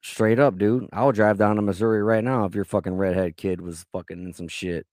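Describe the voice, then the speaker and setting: Brief: male podcast co-host, deeper voice, dry close mic, crude provocative banter. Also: fairly even intonation, fairly quick, darkish tone, no room sound. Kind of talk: casual podcast chat.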